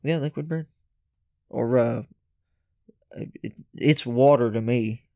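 A man's voice: mid-range voice, slow pace, a little mellow, no echo, clean studio sound. A man guest on a podcast, telling stories in a laid-back, hesitant way with many uhs. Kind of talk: casual storytelling.

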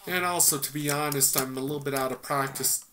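A man's voice: mid-range voice, steady tone, brisk, sharp tone. A man giving rambling, casual commentary while playing a game, thinking aloud with many fillers. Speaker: gaming YouTuber. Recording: noisy mic with keyboard clicks. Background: keyboard typing.

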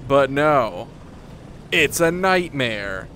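Excitable swearing man narrating VR game. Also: mid-range voice, drawn-out words, a little hiss or hum. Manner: swearing, pleading, frequent laughter, swings to panicked yelling. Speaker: gaming YouTuber. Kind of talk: VR gameplay commentary.

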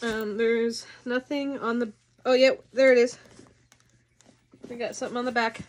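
Gushing, excitable woman unboxing. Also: on the high side, moderate pace. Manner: gushing and excitable, swears casually. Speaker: unboxing vlogger. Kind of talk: casual unboxing chat.

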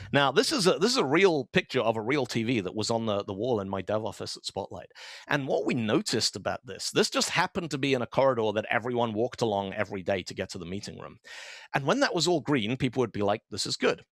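Speaking at a conference online, a man with a mid-range voice gives a tech talk conversationally, telling stories and acting out the quoted dialogue. He's animated and full of fillers and asides, and the studio audio is clean with no echo.

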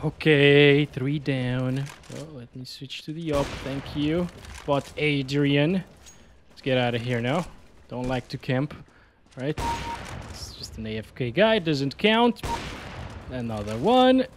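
A man giving excitable gameplay commentary, laughing and yelping as he plays. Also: mid-range voice, slow, slight background noise. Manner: excitable, yelps and laughs at in-game moments. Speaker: gaming YouTuber. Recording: faint game gunfire behind. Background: game gunfire and explosions.

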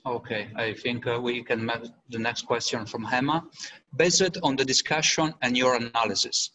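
A man's voice: mid-range voice, fairly even intonation, moderate pace, pushed and bright, poor audio. A man with an Italian accent moderating a webinar panel over a video call, reading out audience questions with some hesitation. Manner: hesitant, repeats words while reading questions.

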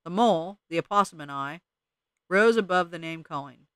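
A man reading a novel aloud as an audiobook narrator, in a wry, deadpan way. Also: fairly high pitch, fairly quick, clear, resonant tone, no echo. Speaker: audiobook reader.

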